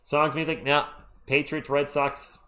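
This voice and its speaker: His voice is a little high and his delivery a little slow as he hosts a live stream of play-by-play commentary. Openly a fan, he calls the action with excitement and bias while greeting people in the chat.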